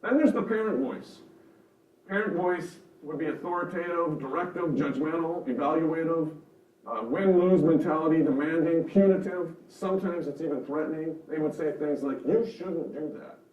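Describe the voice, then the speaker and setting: A man's voice: a little high, normal speed. Male seminar teacher, earnest and conversational, recorded from a distance in a roomy hall. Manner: earnest, conversational, explains with examples. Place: seminar room. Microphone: microphone over a room speaker system. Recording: roomy, distant, dull sound.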